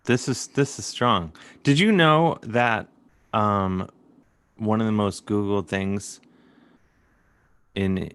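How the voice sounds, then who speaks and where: A man's voice: on the low side, slow, pauses often, fairly bright tone, clean tone, no room sound. A man from suburban Cleveland, hosting a casual comedic interview and asking questions in a playful, goofy way. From suburban Cleveland, USA. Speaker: talk show host. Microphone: video call.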